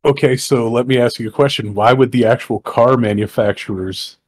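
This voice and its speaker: An American man co-hosts a podcast, chatting casually and arguing in a playful, joking way. His voice is medium-pitched and husky, and he speaks briskly.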